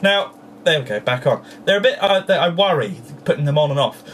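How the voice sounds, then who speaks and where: A vlogger showing off toys at home to a camera sitting close, talking in a playful, put-on childish way. The voice swings widely in pitch and jumps up into high squeals of delight, with a faint hiss underneath. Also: animated, brisk, fairly bright tone, distant mic. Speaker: toy vlogger. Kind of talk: casual toy review to camera.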